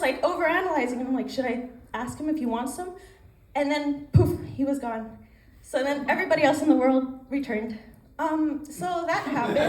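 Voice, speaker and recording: A woman's voice: high-pitched, a little mellow. A young woman doing a chatty, self-mocking stand-up set, acting out her own inner voices. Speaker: stand-up comedian. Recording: echoey room with faint ambient noise.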